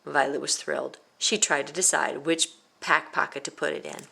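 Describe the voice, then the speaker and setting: A woman reading a children's picture book aloud, expressive and playing out the sound effects. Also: low-pitched, moderate pace, gravelly, slightly rough.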